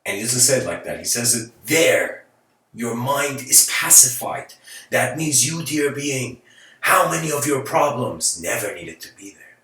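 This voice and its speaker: A man's voice: medium pitch, very animated, moderate pace, pushed and bright, recorded from a distance. A man giving a casual, live-streamed spiritual talk, searching for words and laughing between thoughts. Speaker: spiritual speaker. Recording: roomy sound from away from the mic.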